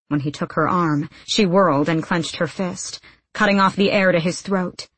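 A woman narrating an audiobook in a measured, even way. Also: fairly low pitch, husky, no room sound, rough recording.

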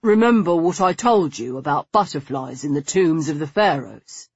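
A woman reading the part of a charming, flirtatious man keen on antiquities, in a smooth, coaxing, courteous manner. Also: on the high side, expressive, normal speed, no echo, highs cut off.

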